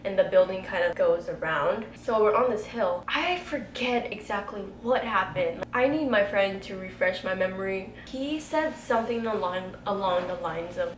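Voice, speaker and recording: A young woman, telling a story to camera in a casual, animated way and swearing freely. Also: medium pitch, moderate pace, few pauses. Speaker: beauty vlogger telling a story. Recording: echoey room, faint background noise.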